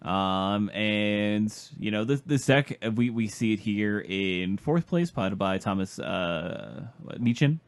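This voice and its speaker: A man's voice: fairly low pitch, lively intonation, slow pace, few pauses. A man co-hosting a casual podcast, hesitant and often stammering over restarts. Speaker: podcast co-host. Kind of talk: casual chat about card game.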